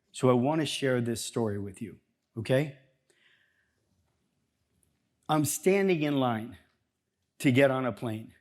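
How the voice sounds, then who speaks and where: A man speaking as a chiropractor at a seminar, talking to a live audience in an energetic, conversational way and acting out bits of dialogue. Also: mid-range voice. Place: seminar room before an audience.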